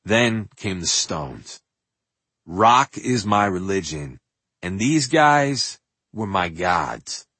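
An older man from New York reading his own memoir in an animated, profane way, with loud bursts and hushed asides. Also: deep voice, drawn-out words, breathy edge, no room sound. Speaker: memoir narrator. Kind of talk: audiobook memoir narration.

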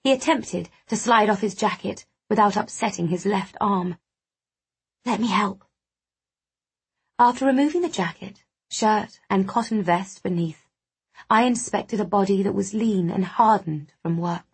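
A woman narrating a first-person audiobook in a measured storytelling manner. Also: mid-range voice, slightly rough.

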